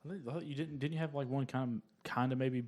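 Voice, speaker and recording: A man in his thirties co-hosting a casual comedy podcast, talking haltingly with many fillers. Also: mid-range voice, steady tone, darkish tone. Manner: halting, filler-heavy, laughs at his own jokes. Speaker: podcast co-host.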